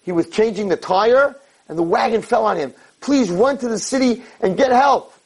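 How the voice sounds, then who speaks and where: A man's voice: sits high, takes it slowly, pitched above the performer's own voice, heavily acted, low-quality recording. A man voicing a frantic woman who pleads urgently for help in a spoken parable. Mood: pleading. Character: frantic woman, husband trapped.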